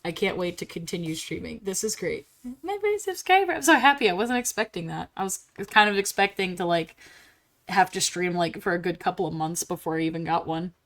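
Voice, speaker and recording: A young woman streaming live while drawing, chatting casually and getting bubbly and squealy when excited. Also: lowish voice, brisk.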